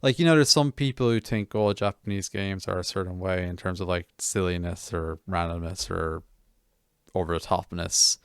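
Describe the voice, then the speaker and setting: A man's voice: low voice, fairly even intonation, moderate pace, smooth, no room sound, clean studio sound. A man streaming a game, chatting casually with viewers in a rambling, self-mocking way full of restarts.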